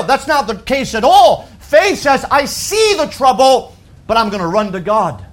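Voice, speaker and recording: A male pastor preaching a sermon, slowing down to quote scripture and swinging between loud emphatic peaks and quiet, low passages. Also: big pitch swings. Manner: emphatic preaching that rises to shouts and drops to soft lows; quotes scripture in a slow, deliberate voice.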